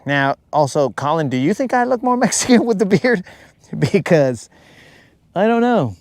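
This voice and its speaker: A man's voice: high-pitched, big pitch swings, darkish tone, no echo. A man from the United States hosting a fishing livestream, chatting casually with viewers in a rambling, joking way. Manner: rambling, joking, drawn-out teasing. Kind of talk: casual chat reading live comments.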